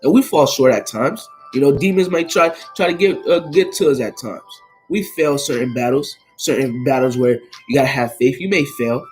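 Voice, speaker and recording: A man's voice: medium pitch, moderate pace, a little mellow, soft background music, poor audio. A man reading scripture and explaining it in an informal, conversational way, often adding "man" and "all right?" and stumbling over words. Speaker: Bible teacher.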